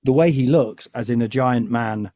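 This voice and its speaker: A man's voice: mid-range voice, normal speed, dark tone. A man hosts a podcast in easy, rambling chat. He jokes as he goes, with a voice sitting in the middle of the male range. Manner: rambling, chatty and joking. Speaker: podcast host. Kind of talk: casual chat.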